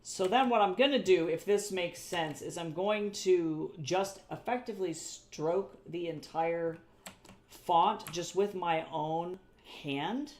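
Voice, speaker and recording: An artist streaming live commission work chats casually from home while drawing, speaking slowly at an everyday middle pitch. Her talk rambles through self-corrections and repeated phrases, with casual swearing and laughter at her own jokes.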